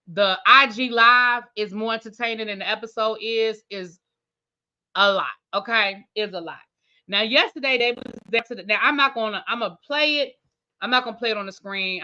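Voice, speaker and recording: On her TV review channel, a woman gives a casual recap, chatting away and repeating herself for emphasis with Southern slang like "y'all" and "baby." Her fairly high voice comes across pushed and bright, while the recording itself is dull.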